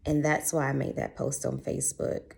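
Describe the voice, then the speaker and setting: A woman speaks low and gravelly, her voice going in and out now and then. She tells a personal story in a heartfelt, chatty way, with a dark, mellow tone. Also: little pitch movement, normal speed. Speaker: vlogger. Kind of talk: personal health vlog.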